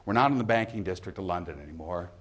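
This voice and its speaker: A man who is a literature professor, giving a measured, emphatic university lecture in a lecture hall. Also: low voice, lively intonation.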